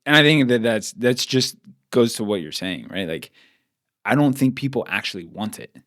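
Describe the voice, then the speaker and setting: A man's voice: medium pitch, sing-song, fairly bright tone. Blunt, swearing man ranting on a podcast. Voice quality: blunt, profane and emphatic. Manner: fast rants with repeated "like". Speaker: podcast co-host. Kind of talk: casual podcast chat.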